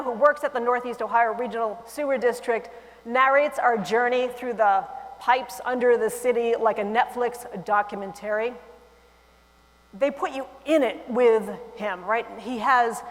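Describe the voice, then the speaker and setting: A woman giving a conference keynote on stage, lively and humorous, with animated asides. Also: fairly high pitch. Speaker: keynote speaker. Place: large conference hall, on stage. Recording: long hall reverb.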